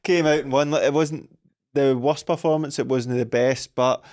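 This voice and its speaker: A man with a Scottish accent co-hosting a football podcast, lively and plain-spoken. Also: medium pitch, moderate pace. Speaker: podcast co-host. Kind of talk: casual podcast chat.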